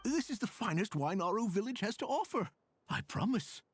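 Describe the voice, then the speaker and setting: An anxious village elder in a video game, his high voice swooping through a huge range. He is hoarse at the edges and keeps pleading and flattering. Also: moderate pace, faint music behind, full character voice. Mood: welcoming. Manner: eager, begging, hospitable. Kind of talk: game voice acting.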